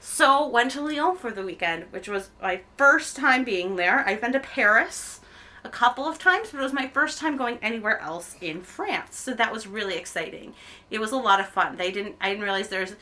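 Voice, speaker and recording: Knitting at home in front of a camera mic, this American-raised podcast host rambles casually, saying um and correcting herself. Her voice is fairly high, animated and sharp, at a moderate pace.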